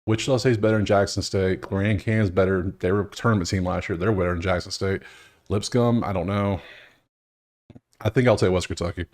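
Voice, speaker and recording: A man's voice: deep voice, fairly even intonation, a little fast, a little mellow. A man hosting a sports betting video, chatting casually to himself as he scrolls through stats, with wry, exasperated asides. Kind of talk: casual solo commentary over stats.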